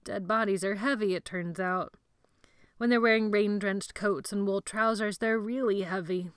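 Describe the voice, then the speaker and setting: A woman narrating an audiobook chapter in steady, measured storytelling. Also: mid-range voice, clean tone, no room sound, studio quality.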